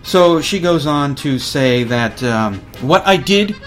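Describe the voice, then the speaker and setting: A man's voice: a little high, expressive, slow pace, a bit bright, faint music behind. A man hosting a college radio show, telling a story casually and acting out other people's lines.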